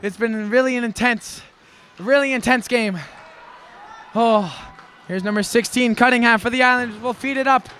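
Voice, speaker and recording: A man calls a live hockey game at a very high pitch, his voice bright and cutting as he shouts through every rush up the ice. He talks folksy and excitable, a bit out of breath, and a faint hiss sits behind him. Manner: excitable, shouts during rushes, folksy exclamations. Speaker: play-by-play hockey commentator. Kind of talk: live sports commentary.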